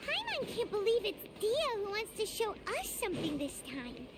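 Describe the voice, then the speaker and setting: A woman's voice: extremely high pitch, huge pitch swings, normal speed, very noisy, heavily acted. A woman voicing a tiny, bubbly fairy companion in a video game, who talks about herself in the third person. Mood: perky.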